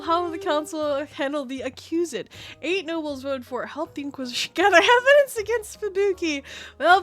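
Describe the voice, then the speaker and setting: A woman's voice: sits high, a bit bright. A woman streamer from Canada chatting casually through a game, giggling often and swearing freely. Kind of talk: casual gaming stream chat.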